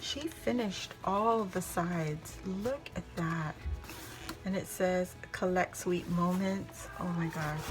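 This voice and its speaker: A woman vlogger from Hawaii excitedly unboxing handmade craft mail, gushing and exclaiming over each piece. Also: mid-range voice. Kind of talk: casual unboxing chat. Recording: music playing in the background.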